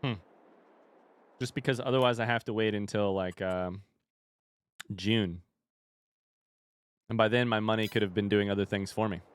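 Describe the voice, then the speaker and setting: A man's voice: lowish voice, steady tone, moderate pace, long pauses, clean tone, no room sound. Easygoing man with an Indiana accent. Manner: thinks aloud, reads chat, chatty and easygoing. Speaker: streamer. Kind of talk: casual live-stream chat while gaming.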